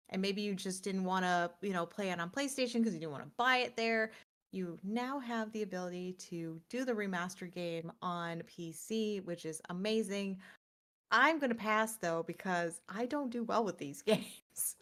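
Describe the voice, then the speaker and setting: A woman's voice: medium pitch, a bit bright. Casual woman co-hosting a game stream. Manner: reads release blurbs, then chats with quick laughs. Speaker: co-host of a gaming news stream. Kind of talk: casual live-stream chat.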